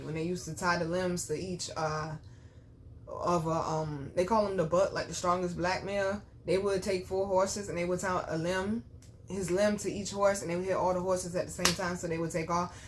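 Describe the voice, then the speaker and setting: A woman's voice: on the low side, a little hiss or hum. A young woman hosting her own channel, telling a personal story to camera in a blunt, profane way and speaking straight to her viewers. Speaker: channel host.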